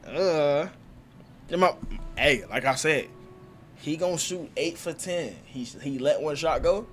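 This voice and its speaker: A man giving casual, slangy reaction commentary on a manga chapter, excitable and quick to laugh. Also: on the high side, faint music behind.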